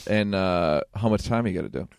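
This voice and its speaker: A man's voice: deep voice, lively intonation, brisk, vocal fry, clean tone. A man co-hosting an interview, asking rambling, profane questions in casual banter. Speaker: co-host.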